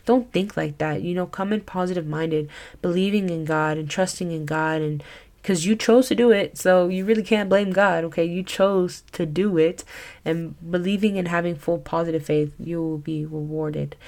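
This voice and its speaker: A woman's voice: lowish voice, moderate pace, darkish tone. A young woman giving a casual Christian teaching talk as a podcast host, earnest and chatty, full of "like" and "you know.".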